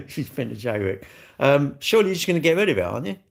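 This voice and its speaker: A man's voice: on the high side, big pitch swings, brisk, creaky. Blunt rambling man. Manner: blunt, rambling, chatty with frequent restarts and laughs. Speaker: livestream host. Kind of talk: casual livestream chat answering viewer comments.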